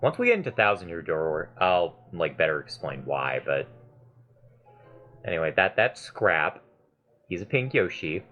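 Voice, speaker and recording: A man hosting a let's play, giving excitable, gushing game commentary and swearing casually. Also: low voice, a little slow, long pauses, lo-fi sound, soft background music.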